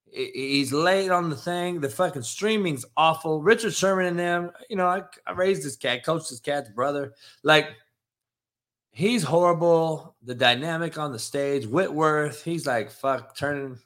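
A man hosting a sports podcast, ranting in a profane, animated, casual way. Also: a little high, measured pace. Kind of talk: casual chat.

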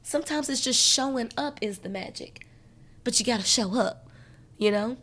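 A woman with a slightly high voice talks straight to her listeners in a solo podcast. She coaches them in an emphatic, conversational way and circles back over the same points. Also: normal speed, fairly bright tone. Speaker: podcast host. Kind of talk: motivational solo podcast talk.

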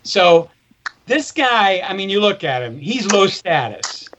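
A man's voice: high-pitched, sing-song, unhurried, noisy background. A man in casual chat, explaining things with some hesitation.

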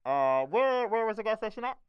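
A brisk emergency dispatcher answers in a businesslike, slightly raised voice, as a man voices him in a tabletop game. The voice is smooth and its pitch moves a lot. It sounds dry and close. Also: big pitch swings, dry recording, highs cut off.

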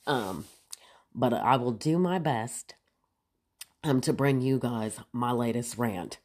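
A woman hosts her rant show, and her voice sits very low. She sounds stuffed up from allergies, and her talk is blunt and sassy, with a laugh now and then. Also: slow pace, long pauses, darkish tone. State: stuffed up from allergies, voice lower than usual. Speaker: podcast host. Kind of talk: casual ranting monologue.

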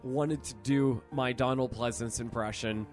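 A man's voice: mid-range voice, steady tone, a little slow. Self-mocking man in casual podcast banter. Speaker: podcast co-host. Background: piano music.

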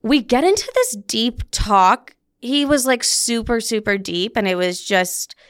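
A young woman hosts a podcast from a studio, telling a personal story in a chatty, profane way packed with "like." Her voice is on the high side, animated, and fairly bright, with a clear, resonant tone at a measured pace, recorded in echo-free studio quality.

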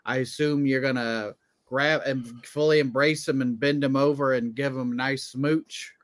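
A man's voice: mid-range voice, fairly even intonation, normal speed. A man co-hosting a comedy podcast, asking probing questions and landing crude punchlines in casual banter. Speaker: podcast co-host.

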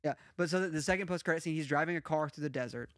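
Chatty man, slightly high voice. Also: racing, a bit bright, no room sound, studio quality. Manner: talkative, lays out theories with many restarts. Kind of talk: casual film discussion.

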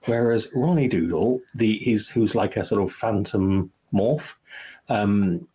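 A man's voice: lowish voice, slow, warm tone, slightly rough. A man co-hosting a podcast, gushing in casual chat with lots of restarts. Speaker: podcast co-host.

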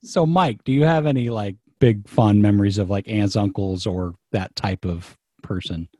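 A man's voice: lowish voice, moderate pace, warm tone, dry recording, studio quality. A man hosting a casual chat, easygoing, laughing along and asking questions.

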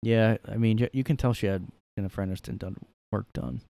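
A man's voice: lowish voice, steady tone, fairly quick, gravelly, mellow, no room sound. Sarcastic rambling man in a dry room. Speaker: podcast host. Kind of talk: casual solo commentary. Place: his room.

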